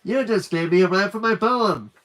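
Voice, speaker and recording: A man voicing a scared, jumpy cartoon rabbit in a storybook reading, with squeaky, excited exclamations. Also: moderate pace. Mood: jittery.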